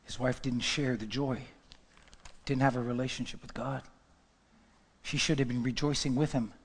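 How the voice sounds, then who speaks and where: A male preacher giving an impassioned sermon, swinging from hushed whispers to loud outbursts. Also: mid-range voice, steady tone, normal speed, breathy edge, big-room sound.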